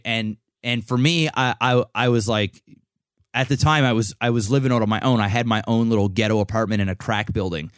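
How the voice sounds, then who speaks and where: A man's voice: mid-range voice, a little fast, no echo, clean studio sound. A young man co-hosting a podcast, telling a long personal story in casual, profane chat full of restarts. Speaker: podcast co-host.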